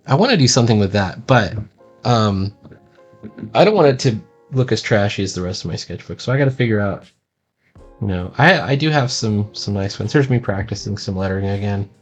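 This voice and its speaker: A man's voice: fairly low pitch, expressive, a little fast, faint music behind. A man casually touring his own sketchbook as a cartoonist, rambling and self-deprecating, with lots of ums.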